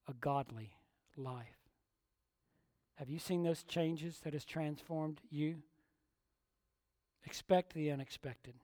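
High-voiced guy preaching, really emphatic, goes loud then soft, dry close sound. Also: takes it slowly, long pauses, no echo. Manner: emphatic, swinging between loud declaration and hushed tones. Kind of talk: sermon.

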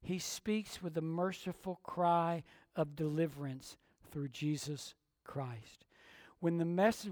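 A man preaching a sermon with emphasis, moving between forceful declarations and hushed, quiet passages. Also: sits high, no room sound, clean studio sound.

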